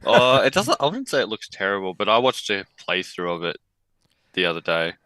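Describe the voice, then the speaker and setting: Australian male podcast guest, low pitch, bright clear tone, relaxed, dry sound. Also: brisk, no echo. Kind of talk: casual podcast chat.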